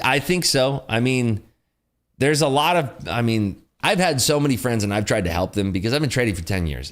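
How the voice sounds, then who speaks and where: A young adult man hosting a day-trading livestream, chatting casually with viewers in an animated, ranting way full of fillers. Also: on the low side. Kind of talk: casual livestream chat answering viewer questions.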